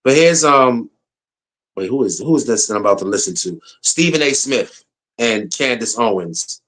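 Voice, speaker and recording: A man's voice: medium pitch, lively intonation, normal speed, fairly bright tone, low-quality recording. A man hosting his channel, giving blunt, opinionated reaction commentary. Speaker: channel host.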